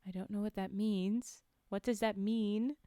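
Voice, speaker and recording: Woman streamer, casual storytime reading, chatty asides, mellow warm tone, dry close sound. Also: mid-range voice, fairly even intonation, measured pace, dry recording. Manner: chatty asides to chat, giggly.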